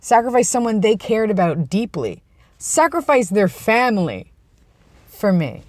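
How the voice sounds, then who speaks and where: A man's voice: high-pitched, big pitch swings, measured pace, a little mellow, dry recording, studio quality. A young man vlogging in a casual, earnest and rambling way, often restarting his sentences. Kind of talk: casual personal vlog. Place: outdoors, about to go inside.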